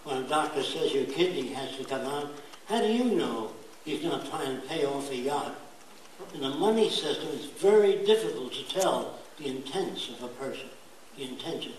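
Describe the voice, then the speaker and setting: An older man giving a blunt, emphatic lecture, now and then mimicking accents in quick asides. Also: medium pitch, lively intonation. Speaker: speaker giving a talk. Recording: very echoey room, voice from far off, faint hiss.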